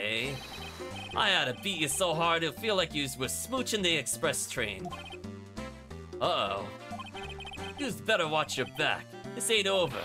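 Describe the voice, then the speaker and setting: A man voicing a loud, gruff biker thug with a put-on Brooklyn accent, drawn out and growling, over game music. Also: fairly high pitch. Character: loud gruff male biker thug, tough street talk.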